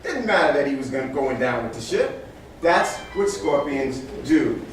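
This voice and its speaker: A very animated man with a mid-range voice, talking at normal speed, delivers a motivational talk full of animal stories to a small live audience. He performs the animals' voices with dramatic energy changes. Slight background noise, an echoey room, and distant miking mark the recording.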